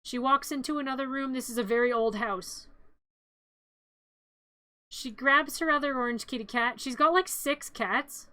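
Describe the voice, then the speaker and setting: A woman streamer giving a comedic movie recap, playful, jumping into loud excited outbursts. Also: high voice, moderate pace, long pauses, no room sound.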